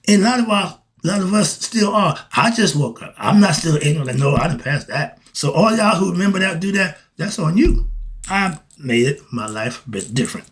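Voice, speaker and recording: Addressing his viewers, an older man who styles himself a spiritual teacher preaches in a high-sitting voice. Rhetorical questions pour out as he alternates between exasperated outbursts and soft asides.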